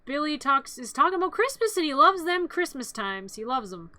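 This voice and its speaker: A woman's voice: high voice, very animated, fairly quick, pushed and bright, no echo, clean studio sound. A woman streamer narrating a movie in a playful, rambling, chatty way with little quips.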